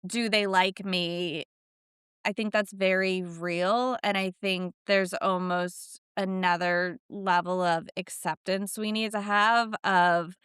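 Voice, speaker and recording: A woman's voice: medium pitch, a bit bright, clear, resonant tone, no echo, clean studio sound. A woman co-hosting a podcast, talking reflectively in casual chat with many "like"s. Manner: reflective, filler-heavy, lots of "like". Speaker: podcast co-host.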